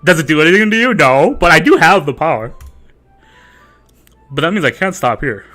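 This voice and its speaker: A man's voice: on the high side, expressive, normal speed, pauses often, pushed and bright, faint music behind. A man streaming a game live, joking, laughing and bantering with his chat.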